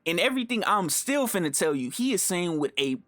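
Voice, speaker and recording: A young man telling a story in casual, animated street slang, full of fillers and swearing. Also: high voice, fairly quick, no echo, soft background music. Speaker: storytime vlogger.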